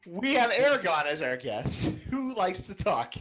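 A man hosting a podcast, introducing the guests and brisk about keeping things moving. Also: sits high, sing-song, a crowd in the background, low-quality recording. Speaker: podcast host. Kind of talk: casual chat.

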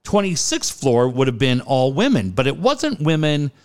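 A man's voice: medium pitch, sing-song, moderate pace, a little mellow, clear, resonant tone. A middle-aged man, a podcast co-host, telling a personal story in an earnest, conversational way. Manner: earnest, conversational, hesitant with fillers. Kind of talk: personal storytelling in casual chat.

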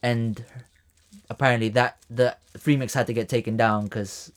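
A man's voice: mid-range voice, steady tone, normal speed. A man hosting a podcast, leading a casual group chat and bringing up topics. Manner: chatty, leads the topics. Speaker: podcast host.

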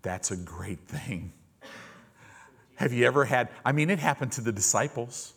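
A man's voice: mid-range voice, expressive, moderate pace, gravelly, a bit bright. A man preaching a sermon as a pastor, telling stories and acting out the voices of the people he quotes, while the congregation calls back in the church service.

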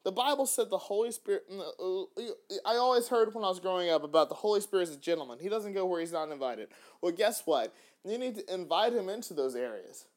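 A man hosting a faith-based podcast, talking in an animated way with frequent restarts. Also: high-pitched, fast talker. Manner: animated, acts out little dialogues, frequent restarts. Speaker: podcast host.

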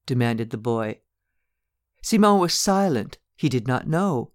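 A man's voice: medium pitch, animated, a little slow, no echo. Man narrating a classic story, dry sound.

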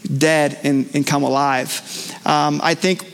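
A man's voice: a little high, level tone, slow pace. A male pastor preaching a live sermon in a church, earnest and conversational with frequent fillers and restarts. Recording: long church hall reverb.

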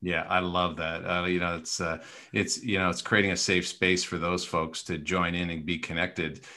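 A man's voice: deep voice, little pitch movement, moderate pace, bright, forceful tone. A man co-hosting a podcast, talking in an earnest, coaching way with many fillers and restarts. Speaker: podcast co-host. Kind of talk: casual conversational podcast talk.

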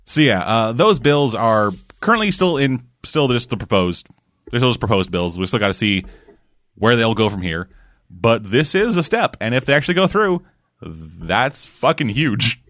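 Guy hosting a gaming podcast, bouncy pitch, swears a lot, dead dry mic. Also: moderate pace, no room sound. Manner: animated and swearing, with loose filler words. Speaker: podcast host. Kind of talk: casual podcast chat.

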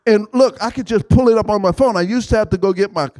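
A man preaching a sermon in call-and-response style, prompting the congregation to finish his lines and rising to shouts. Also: high voice, fast talker, no room sound.

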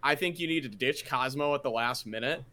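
A man's voice: mid-range voice, brisk, pushed and bright. A young man co-hosting a casual podcast chat, joking and teasing his friends. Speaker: podcast co-host.

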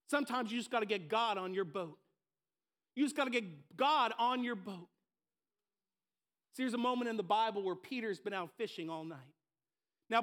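High-voiced man preaching with passion. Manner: impassioned, swinging between loud emphasis and hushed asides. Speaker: pastor. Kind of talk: sermon. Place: church stage before a congregation.

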